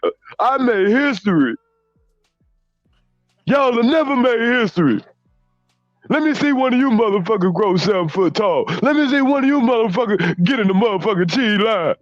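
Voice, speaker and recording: A man's voice: high voice, expressive, normal speed, pauses often, no echo, muffled recording, soft background music. A man doing a brash, profane ex-baller. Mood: boastful ranting. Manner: profane bragging, stammered restarts. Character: boastful drunk male ex-basketball star, arrogant. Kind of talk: comedic impression rant.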